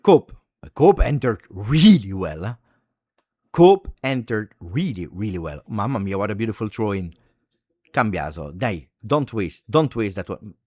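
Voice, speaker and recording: Male fan host, excitable live commentary, very lively intonation, dry close mic. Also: fairly low pitch, unhurried, dry recording. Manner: excitable, swings from muttering to shouting. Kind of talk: live watch-along reaction commentary.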